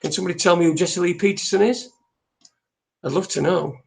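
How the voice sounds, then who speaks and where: A man talks loosely to his live audience, circling back and restarting his sentences as he goes. He swears offhandedly. His voice sits slightly higher than most men's. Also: fairly even intonation, brisk, gravelly, darkish tone. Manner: rambling, restarts often, swears casually. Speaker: host. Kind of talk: casual live-stream chat.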